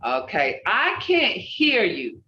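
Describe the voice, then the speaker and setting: Older woman teaching slowly over a video call. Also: mid-range voice, wildly swooping pitch, sharp tone, recorded from a distance. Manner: slow, drilling syllables and laughing often. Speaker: language teacher. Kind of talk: online language class. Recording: dull roomy video call audio.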